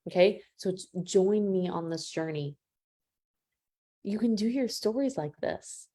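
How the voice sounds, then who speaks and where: A woman's voice: mid-range voice, measured pace. A woman business coach giving a live training, talking straight to her listeners and acting out the voices of people she quotes. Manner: animated, acts out quoted voices, addresses listeners as y'all.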